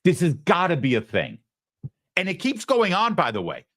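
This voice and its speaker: A man's voice: sits high, wildly swooping pitch, moderate pace, fairly bright tone, dry recording, clean studio sound. A man hosting a political talk show, sarcastic and mocking as he comments. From United States. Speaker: host.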